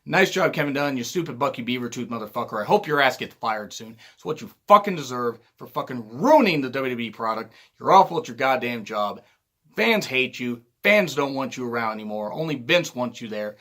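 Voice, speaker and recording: A man reviewing a wrestling show in a heated, loud rant, swearing often. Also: medium pitch, animated, brisk. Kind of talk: angry profane rant.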